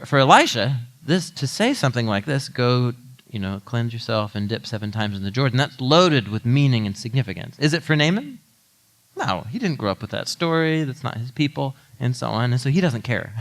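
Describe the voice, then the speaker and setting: Man, pastor, conversational sermon, lively pitch, animated storyteller.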